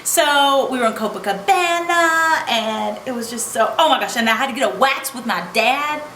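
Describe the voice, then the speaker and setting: A woman's voice: high-pitched, moderate pace, sharp tone. A young American woman vlogging casually, gushing and bubbly, full of "like" and "oh my gosh". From United States. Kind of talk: casual travel storytime vlog. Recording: echoey room with faint background noise.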